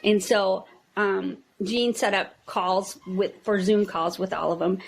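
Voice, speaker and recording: A woman with a Minnesota accent who owns a toy store tells stories in a casual interview, chatty and animated. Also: mid-range voice, gravelly. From United States. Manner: chatty, acts out quotes in lively voices. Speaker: toy store owner, guest.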